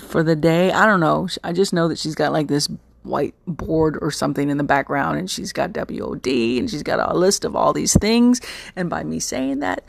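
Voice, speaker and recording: A Texas podcast host rambles chattily through a casual solo show, full of fillers and self-mocking asides. His mid-range voice is gravelly, recorded with no room sound.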